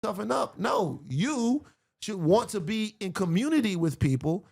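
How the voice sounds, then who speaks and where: A man's voice: high-pitched, big pitch swings, measured pace, darkish tone. A man talking as a guest in a casual chat, emphatic and slangy, with lots of restarts.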